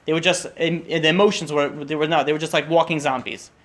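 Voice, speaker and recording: A young man telling a story at a holiday meal, talking fast and tumbling over his words. His voice sits somewhat high for a man, and he keeps restarting with lots of fillers. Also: fairly even intonation, fairly bright tone. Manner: rushed, restarts often, many fillers.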